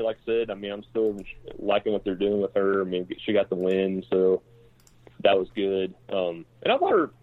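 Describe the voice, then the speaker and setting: Halting man on a tinny phone line. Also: on the low side. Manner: halting, many restarts and fillers. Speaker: podcast co-host. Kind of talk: casual wrestling discussion.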